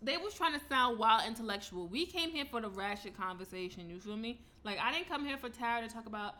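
Woman co-host, bright and tense tone, profane, animated, light room noise. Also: a little high, quick pace. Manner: blunt, profane, animated storytelling. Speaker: podcast co-host. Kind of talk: casual chat.

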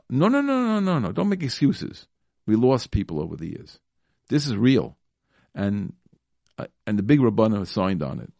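Animated male radio host, dry studio sound. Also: medium pitch, creaky, dry recording. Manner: animated, emphatic, with many restarts and fillers. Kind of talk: casual talk radio commentary.

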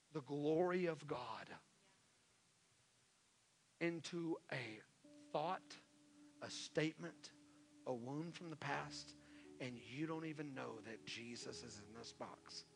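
A male pastor preaching a sermon, repeating his calls and swinging from hushed pleas to loud exhortations. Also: on the high side, slow pace, creaky, long pauses. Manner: impassioned, repetitive exhortations, swings from hushed to shouting. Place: church sanctuary. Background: soft worship music.

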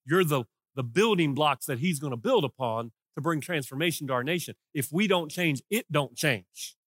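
A man preaching a sermon as pastor, swinging between impassioned shouted lines and hushed, quiet ones. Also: a little high, animated, moderate pace, no echo, clean studio sound.

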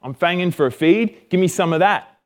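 A man voicing a boisterous, hungry young man with an Australian accent, talking loud and bluff in slang. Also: high-pitched, brisk, voice pushed up, lightly acted. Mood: greedy.

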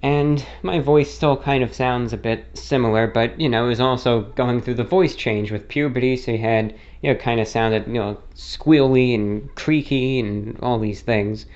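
A man's voice: mid-range voice, steady tone, normal speed, hardly any pauses, darkish tone, highs cut off. A young man with a mid-Atlantic-style accent blending non-rhotic and New York traits, talking casually to his channel, rambling with fillers and self-corrections. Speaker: YouTuber. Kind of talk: casual spoken monologue.

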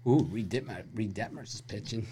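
A man's voice: on the low side, brisk, a crowd in the background. A man hosting a sports betting podcast, joking around, laughing often and giving blunt opinions. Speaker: podcast host. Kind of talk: casual sports betting chat.

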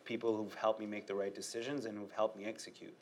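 A man's voice: lowish voice, slight background noise. Chatty male comedian, laughing often. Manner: animated, laughs often, quick asides. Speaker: stand-up comedian, interview guest. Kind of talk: casual interview talk.

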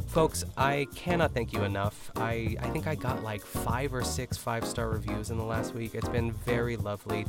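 A man's voice: on the low side, gravelly. A man from Pittsburgh hosting a podcast alone, recapping a cooking show in a rambling, chatty way with plenty of fillers and laughs. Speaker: podcast host. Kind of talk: casual solo recap podcast.

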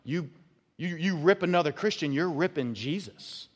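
A man's voice: a little high, normal speed. A man preaching a sermon as pastor, emphatic and often repeating his words as he builds a point. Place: church sanctuary. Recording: long hall reverb.

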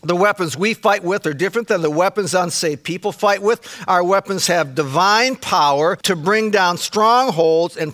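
A man's voice: high-pitched, fairly bright tone. A man preaching a sermon, talking conversationally and emphatically, with frequent asides to the congregation. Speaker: pastor.

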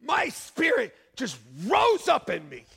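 A middle-aged man preaches in a church, telling a story with lively swings of pitch and bursts of shouting. His voice sits high and gravelly, carried in a long reverberant hall. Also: takes it slowly. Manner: animated, acts out voices with shouts and laughs. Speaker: pastor. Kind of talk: storytelling sermon. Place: church sanctuary.

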